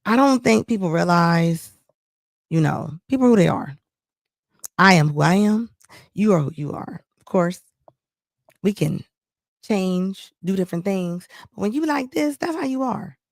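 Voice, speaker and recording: A woman's voice: mid-range voice, expressive, a little slow, long pauses, dry recording. A woman speaking hosts a reaction stream, blunt and scolding, and repeats lines for emphasis. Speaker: commentary channel host. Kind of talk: reaction commentary on a live stream.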